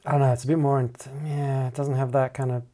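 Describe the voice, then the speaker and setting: A man explaining his editing steps in a casual tutorial, hesitant and full of ums and restarts, often trailing off quietly. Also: mid-range voice, little pitch movement, quick pace. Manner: hesitant, many ums and restarts, self-deprecating. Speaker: music producer teaching a DAW. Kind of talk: casual screen-recorded tutorial.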